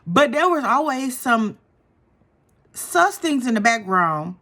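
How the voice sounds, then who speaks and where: A woman's voice: fairly high pitch, slow. A young woman, chatting casually and gossiping as she recaps a reality show. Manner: animated and gossipy, acts out quotes.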